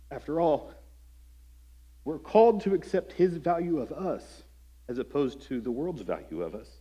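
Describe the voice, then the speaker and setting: A man's voice: on the high side, warm tone, husky. A man preaching a sermon as pastor, earnest and conversational, asking his listeners questions. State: voice breaking with emotion at times.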